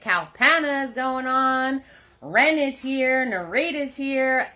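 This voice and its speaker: A bright, high-ish woman's voice runs a live painting party, chatty and upbeat. She greets her viewers one by one and talks steadily through the brushwork. She is picked up by a phone sitting in a holder. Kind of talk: live-streamed painting class.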